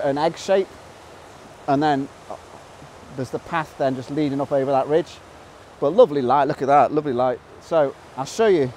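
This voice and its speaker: Excitable middle-aged guy vlogging outside by a waterfall, lots of wows, explains his shots, mid pitch. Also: slight background noise. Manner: excitable, bursts into wows and laughter; explains photo composition while working. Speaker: nature photographer. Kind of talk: outdoor vlog narration. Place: outdoors in a valley by a waterfall.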